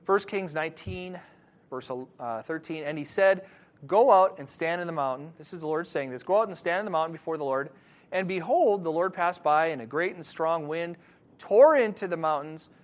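A man preaching a sermon to his congregation, moving between quiet scripture reading and loud, animated emphasis. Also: a little high, normal speed. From Wisconsin, USA. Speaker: pastor.

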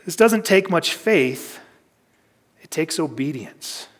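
A man preaching a sermon in a relaxed, conversational teaching style, working through a scripture passage. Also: fairly high pitch, slow. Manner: conversational teaching, reads scripture aloud, varied pacing. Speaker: pastor. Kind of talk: expository sermon.

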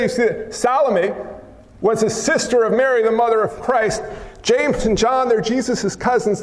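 A man preaching a sermon in an animated, joking way, acting out what people say. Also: high voice. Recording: echoey hall.

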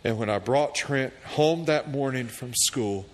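A middle-aged man preaching in a church, speaking in a slow, measured cadence at an ordinary pitch. He lifts into fervent, louder scripture reading and settles back into quiet storytelling. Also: slight background noise. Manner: slow, deliberate preaching that rises to fervent loud prayer readings. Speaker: pastor. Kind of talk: sermon.

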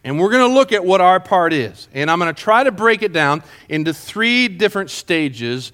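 A man with a high, slightly bright voice teaches a Bible lesson to a small group at a moderate pace. Very animated, he lets his pitch swing widely as he explains the verses and keeps checking that his listeners are following.

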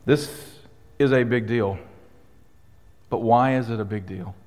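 A male pastor preaching a sermon in a conversational, emphatic way, with pauses for weight. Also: medium pitch, a little mellow. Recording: long hall reverb.

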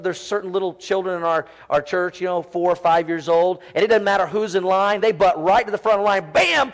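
Preaching in a church, this animated man in his forties frequently quotes children in their own voices. He's a pastor, and his voice is high-pitched.

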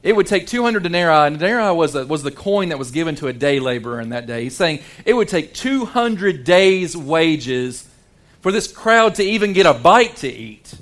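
Fairly high-voiced male preacher. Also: normal speed. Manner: dramatic, shifts between hushed low tones and animated quoted voices; repeats words and restarts often. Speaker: pastor. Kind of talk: sermon.

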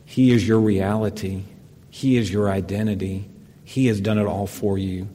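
A man preaching a sermon as a pastor, earnest, slowing into soft, emphatic repetition. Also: on the low side, steady tone, slight background noise. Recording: long reverb of a large room.

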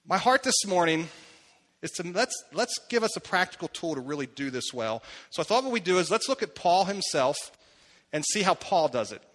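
A man's voice: sits high, sing-song, normal speed, fairly bright tone. A man in his thirties preaching a sermon, talking conversationally and putting questions to the congregation. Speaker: pastor. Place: church hall. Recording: long hall reverb.

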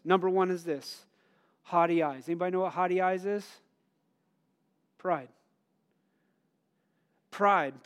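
A middle-aged pastor with a high-sitting voice delivers a conversational sermon. He questions the congregation and shares personal stories, punctuated by bursts of loud emphasis.

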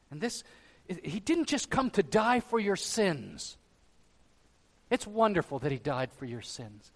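A male pastor delivers a sermon in a slightly high voice. He pushes loudly on his main points, then drops low and soft. The long reverb of a large hall trails behind every phrase. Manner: emphatic preaching, swinging between loud stresses and quiet drops.

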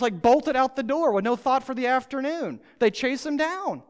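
This pastor speaks smoothly in a mid-range voice at normal speed, with few pauses. The sermon is emphatic and directed right at the listeners, and the sound has a long hall reverb.

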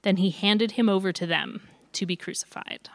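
A woman reading a long scripture passage aloud in clear, even narration. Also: mid-range voice, normal speed. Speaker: scripture reader. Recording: long hall reverb.

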